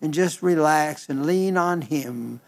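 An older man preaching an Easter sermon in a folksy, halting way, often restarting his words. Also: a little high.

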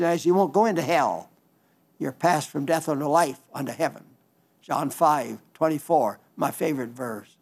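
A man's voice: a little high, measured pace, creaky, darkish tone, slightly rough. An older man preaching a folksy, earnest sermon in a conversational way, rising to sudden emphasis at times. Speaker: radio preacher.

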